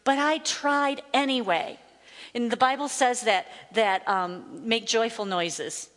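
A woman's voice: fairly high pitch, takes it slowly, fairly bright tone, big-room sound. A woman teaching a sermon, speaking emphatically and rising to fervent declarations. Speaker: Bible teacher.

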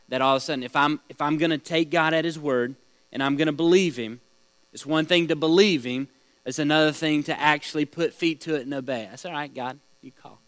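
A man's voice: fairly high pitch, fairly bright tone, dry recording, low-quality recording. A man leading a small-group Bible study, teaching in a conversational way, asking the group questions and telling stories.

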